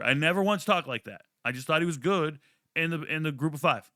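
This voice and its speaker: A man giving casual sports betting predictions in a brash, profane, boastful way, swinging from low mutters to loud, high-pitched outbursts. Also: lively intonation, fairly quick, no room sound, clean studio sound. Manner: brash, profane, hyped-up trash talk.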